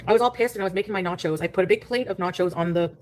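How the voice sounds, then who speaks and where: A woman's voice: fairly low pitch, racing. A woman streamer in a played clip, rambling crudely and complaining in a casual monologue.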